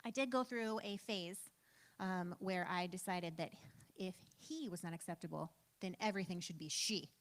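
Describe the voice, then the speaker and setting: Speaking at normal speed with a fairly low voice, a woman in her thirties leads an informal church training session. Her talk is chatty and self-deprecating, packed with "um" and "like".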